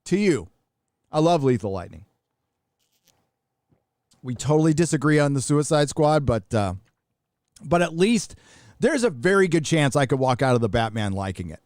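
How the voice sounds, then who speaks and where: A man's voice: a little high, very animated, moderate pace, pauses often, a little mellow, no room sound. Middle-aged american guy ranting on his live stream, swears a lot, dry close sound. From United States. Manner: blunt, profane, rambling with restarts. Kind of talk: casual live stream commentary.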